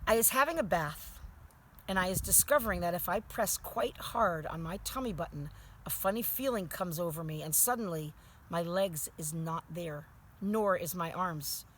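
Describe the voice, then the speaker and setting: A woman reading aloud, voicing a boastful young boy excitedly telling his dream in broken grammar. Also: lowish voice, normal speed, a little hiss or hum, natural voice.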